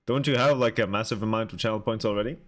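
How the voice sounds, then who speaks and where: A young man streaming and chatting casually with his viewers, halting and talkative as he answers chat aloud. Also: on the low side, a bit bright.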